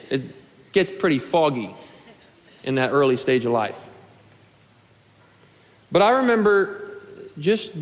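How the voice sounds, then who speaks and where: A man in his twenties preaching a sermon to his church, earnest and pleading, at times rising to a shout. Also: medium pitch. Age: 20s. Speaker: pastor. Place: church sanctuary. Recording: long hall reverb.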